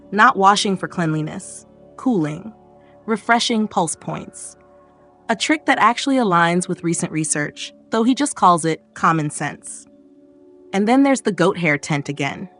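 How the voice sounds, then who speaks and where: A woman reads a scripted sleep story in a soft, unhurried voice, sitting at a mid pitch with a dry, gentle wit. She speaks close to the mic, and faint music plays underneath her. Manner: soft, calm, gently wry second-person narration. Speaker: narrator. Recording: narration over faint background music.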